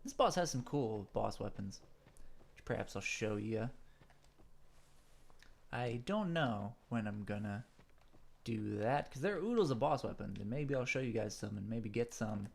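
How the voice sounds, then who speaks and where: A man's voice: fairly low pitch, animated, unhurried, vocal fry, pauses often. A man commenting casually on his own gameplay, a little stuffed up, rambling with many fillers and asides. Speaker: gaming channel host.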